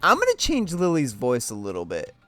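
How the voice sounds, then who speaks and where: A woman's voice: rumbling low, wildly swooping pitch, brisk, a bit bright, dry recording, soft background music. Chatty young woman, gameplay commentary. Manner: chatty and self-mocking. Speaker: gaming channel host. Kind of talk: casual let's play commentary.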